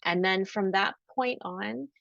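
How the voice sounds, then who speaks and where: A woman guest telling a personal story in an interview, earnest and emotional, going soft at the sad parts. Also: mid-range voice, slow, vocal fry, no echo. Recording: dull, dry, lo-fi audio.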